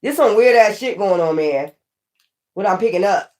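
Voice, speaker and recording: A woman's voice: mid-range voice, lively intonation, normal speed, darkish tone. A woman giving a casual tarot reading, blunt and profane, who warns the viewer and repeats her points for emphasis. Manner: warning the viewer, repeating herself. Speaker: tarot reader.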